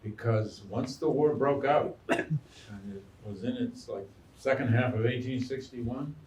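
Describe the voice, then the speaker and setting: A man, a historian and biographer, answering audience questions in an animated, storytelling way and acting out quotes. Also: mid-range voice, unhurried, slight background noise. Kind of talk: lecture Q&A answer. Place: lecture hall. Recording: echoey room, mic far off.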